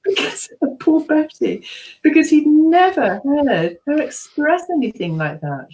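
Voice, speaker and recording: A woman's voice: high voice, big pitch swings, a little slow, poor audio. A middle-aged British woman, a psychotherapist, telling chatty anecdotes with ums and laughs as an interview guest. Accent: British English. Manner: chatty, warm storytelling with frequent ums and laughs; acts out quoted voices.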